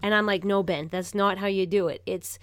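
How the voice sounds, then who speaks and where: A woman in her thirties talking casually as a podcast guest, soft-spoken and hesitant, with trailing sentences. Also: mid-range voice, fairly even intonation, fairly quick, no room sound, clean studio sound. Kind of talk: casual conversation.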